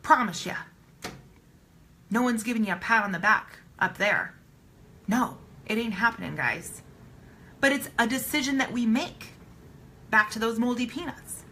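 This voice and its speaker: A woman's voice: on the high side, sharp tone, a little hiss or hum, poor audio. A woman giving a live-streamed motivational talk, emphatic and blunt, swearing casually and repeating her points for emphasis. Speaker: motivational speaker.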